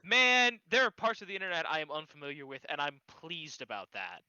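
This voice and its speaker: Lively guy, super bright voice, exasperated, dull lo-fi mic. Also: a little high, clean tone, no room sound. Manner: exasperated, lively, quick asides. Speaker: co-host. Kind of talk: casual chat.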